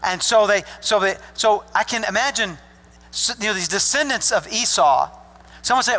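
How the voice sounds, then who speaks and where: A man's voice: high voice, expressive, normal speed, sharp tone. An older man from Arkansas preaching a sermon as pastor, folksy and joking with the congregation. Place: church sanctuary. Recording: long hall reverb.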